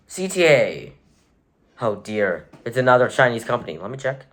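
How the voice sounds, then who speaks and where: A man's voice: mid-range voice, very animated, unhurried, fairly bright tone. Offhand, wry male vlogger. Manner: wry, offhand, sarcastic asides; rambling with self-corrections. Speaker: vlogger rating rockets. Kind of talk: casual tier-list commentary.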